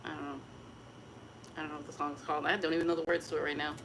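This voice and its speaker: A woman chatting casually to camera at home, expressive and open about her feelings. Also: low voice, rapid-fire, noisy background. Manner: chatty and emotionally expressive, breaks into gospel singing. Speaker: vlogger.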